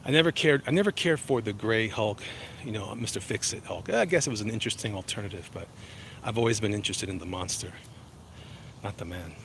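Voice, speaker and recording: A man's voice: lowish voice, brisk, a bit bright, a little hiss or hum, rough recording. Rambling man livestreaming on a walk. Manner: rambling, self-interrupting, jokey. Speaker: vlogger reading live chat. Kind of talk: casual walk-and-talk livestream. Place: outdoors walking.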